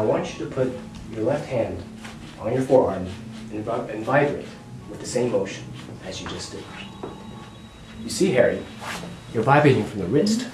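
Mężczyzna spokojnie prowadzi lekcję krok po kroku; głos z oddali, pogłos pomieszczenia i wyraźny szum w tle. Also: male voice, medium pitch. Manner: calm, gently directive. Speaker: music instructor. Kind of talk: step-by-step instruction. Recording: roomy echo, distant mic, background hiss.

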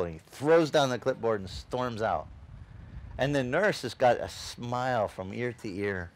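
A man preaching in a loose, conversational way, as if telling a story to friends. He slips into the voices of the people in his tale and often restarts a phrase mid-thought. His voice sits at an ordinary, mid-range pitch for a man. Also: measured pace. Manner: animated storyteller who acts out quoted dialogue, with frequent restarts; chatty, addresses the congregation directly. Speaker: pastor.

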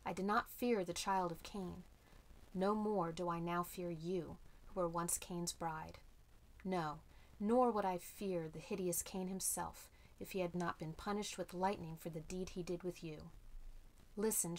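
A woman voicing a bold young male warrior hero, speaking slowly and emphatically, like an incantation. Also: on the low side, fairly even intonation, rough recording. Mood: defiant. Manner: slow, emphatic, incantatory delivery.

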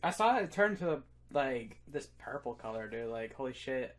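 A man's voice: medium pitch, sing-song, moderate pace. A young man casually commentating a game on a livestream, swearing freely and calling his viewers dude and guys. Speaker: streamer. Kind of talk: excited gaming livestream commentary.

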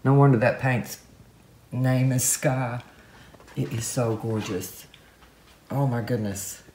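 A woman's voice: rumbling low, steady tone, slow pace, mellow, a little hiss or hum. Lady doing a craft vlog, gushes over her work nonstop, picked up on the camera mic at home. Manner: gushing, keeps exclaiming with delight. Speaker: craft artist showing her paint pour. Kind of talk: casual talk to camera while crafting. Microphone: camera mic, camera moved by hand at times.

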